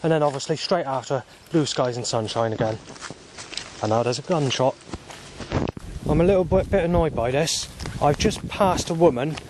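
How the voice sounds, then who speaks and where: A man rambles into a handheld phone while walking outside, his voice sitting a little high. He swears heavily and now and then bursts into angry shouting. Faint traffic hums in the background. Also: moderate pace, pauses often. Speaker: vlogger. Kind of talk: rambling walking vlog monologue. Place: outdoors, walking along paths. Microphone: handheld phone camera.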